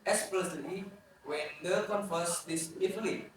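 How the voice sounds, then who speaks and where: A young man co-hosting a student book podcast, speaking in a measured, thoughtful way. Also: sits high. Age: young adult. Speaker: podcast co-host. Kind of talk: scripted casual podcast chat. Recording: echoey room, far-off mic, faint noise.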